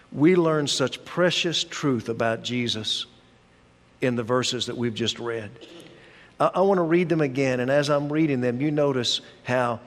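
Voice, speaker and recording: Slow-preaching pastor in a reverberant hall. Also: male voice, on the high side. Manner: slow, deliberate preaching with emphatic pauses. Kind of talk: sermon.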